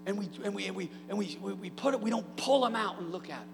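A man preaching a sermon as pastor, energetic with humorous asides and building to shouted peaks. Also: high-pitched, fast talker, gravelly, long reverb tail, noisy background. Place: church sanctuary.

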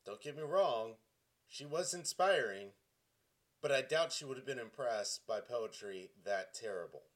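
A man's voice: mid-range voice, expressive, measured pace. A man in his forties from Tennessee, giving self-mocking dramatic readings with a mock-dramatic, self-deprecating delivery. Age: 40s. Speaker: comedic vlogger.

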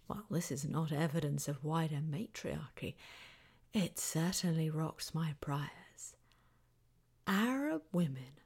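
A woman's voice: lowish voice, darkish tone. A woman hosting a podcast, narrating in a chatty, self-deprecating way and reading quotes aloud. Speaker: podcast host.

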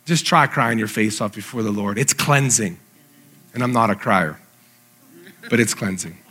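A man's voice: lowish voice, moderate pace, pushed and bright. A man preaching a sermon, earnestly reading and explaining scripture. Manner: earnest, reads scripture aloud with emphasis. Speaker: pastor.

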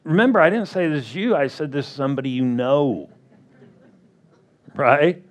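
A man preaching a sermon as pastor, drawing out words and acting out quick playful quotes. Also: on the high side. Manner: slow, drawn-out delivery with playful acted-out quotes.

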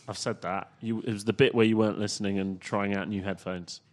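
A man's voice: fairly low pitch, fairly even intonation, fairly quick. A man hosting a casual football fan podcast, chatty and full of ums as he runs through plugs and questions. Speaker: podcast host.

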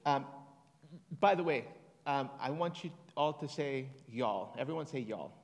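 A man's voice: fairly high pitch, fairly even intonation, normal speed. A man preaching a conversational sermon to a congregation, chatty and casual, reading scripture aloud and leading them in responses. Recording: long reverb of a large hall.

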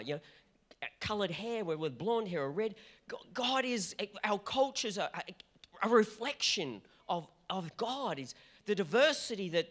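Preaching with passion and animation, a middle-aged pastor from Australia speaks in a high-pitched voice and often starts his sentences over.

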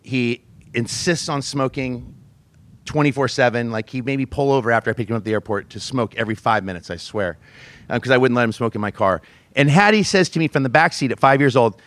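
A man's voice: medium pitch, moderate pace, a bit bright, dry recording. A pastor in his forties preaching a sermon, telling a family story with self-mocking laughs and acting out the voices he quotes.

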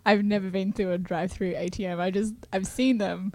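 A woman's voice: mid-range voice, steady tone, a little fast, darkish tone. Australian woman chatting on a podcast. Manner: chatty, laughs easily. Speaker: podcast guest. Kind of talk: casual comedy chat.

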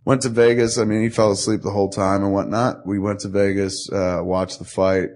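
A man's voice: on the low side, level tone, brisk, a little mellow, a little hiss or hum. A man hosting a casual podcast, telling a long profane story with lots of acted-out quotes. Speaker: podcast host.

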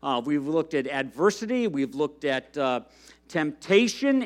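A man's voice: a little high, big pitch swings, a little slow. A man preaching a sermon in a conversational way, with frequent fillers, and reading a storybook aloud to the congregation. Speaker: pastor.

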